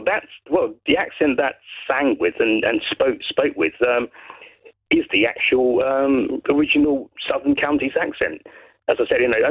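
A man from Brighton calling in to a radio show, chatting in a hesitant, rambling way and often repeating words. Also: mid-range voice. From Brighton, England. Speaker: caller. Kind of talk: phone-in chat. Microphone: telephone. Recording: muffled phone line.

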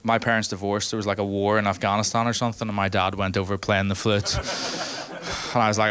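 A man's voice: fairly low pitch, level tone, fairly quick, fairly bright tone. A man with a Northern Irish accent doing a stand-up comedy set, punchy and teasing the audience. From Northern Ireland.

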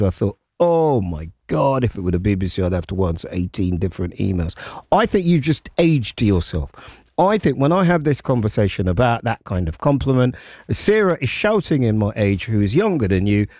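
A man hosting a live radio chat, telling stories in an animated way and repeating words as he goes. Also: medium pitch, fairly quick, no room sound, studio quality. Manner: animated storytelling, repeats words, interrupts himself. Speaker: radio host.

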